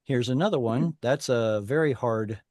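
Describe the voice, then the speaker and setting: A man's voice: mid-range voice, moderate pace, darkish tone, dry recording, clean studio sound. Patient man teaching a class. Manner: patient, explains step by step, asks the class questions. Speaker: Hebrew teacher. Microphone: video call.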